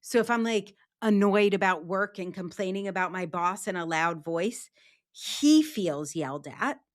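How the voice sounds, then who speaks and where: A woman talking as a guest on a podcast, telling lively stories from her own life. She acts out the people in them with quick little voices. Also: mid-range voice. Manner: animated storyteller, acts out quoted voices. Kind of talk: casual interview talk.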